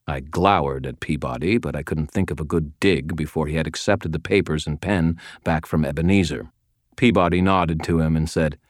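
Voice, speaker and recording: A man's voice: extremely low pitch, steady tone, normal speed, dry recording. A man narrating a story in the first person with a dry, wry delivery. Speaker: audiobook narrator.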